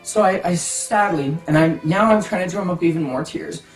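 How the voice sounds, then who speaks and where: A storyteller telling a funny childhood story in a casual, dramatic way, jumping from hushed asides to excited outbursts. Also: mid-range voice, normal speed. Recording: echoey room, distant mic, faint music.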